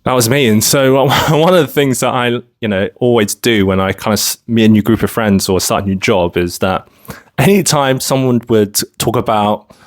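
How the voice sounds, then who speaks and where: A man's voice: fairly low pitch, normal speed. A man from London talking casually to camera in a rambling vlog monologue, full of filler phrases. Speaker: vlogger.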